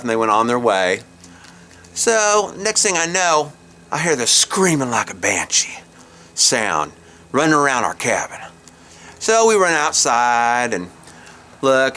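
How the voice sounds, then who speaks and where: A middle-aged storyteller host spins a folksy comic tale at a campsite, laughing at his own jokes in a pushed, bright mid-range voice. There's a little hiss or hum on the recording.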